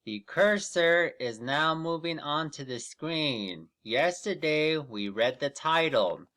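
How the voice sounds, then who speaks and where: With a slightly high, expressive voice and a sharp tone, a man teaches reading online. He reads aloud with students, stretching words out slowly and giving them patient, encouraging prompts.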